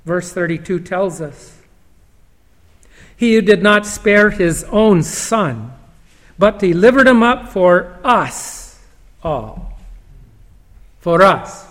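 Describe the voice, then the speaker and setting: High-pitched man preaching real slow, lots of pauses, echo from a big church hall. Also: animated, a bit bright. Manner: slow, emphatic scripture reading with long pauses. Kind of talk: sermon. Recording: long hall reverb.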